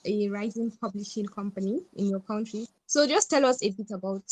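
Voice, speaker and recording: A woman's voice: mid-range voice, fairly quick, a little mellow, dry recording, low-quality recording. A woman hosting a podcast, asking questions in an upbeat, chatty way. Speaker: podcast host. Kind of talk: casual interview questions.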